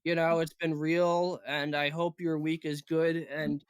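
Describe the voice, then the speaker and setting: A man's voice: on the high side, little pitch movement, measured pace, smooth, dry recording, studio quality. A young man co-hosting a podcast in offhand, rambling casual chat, swearing a lot. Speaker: podcast co-host.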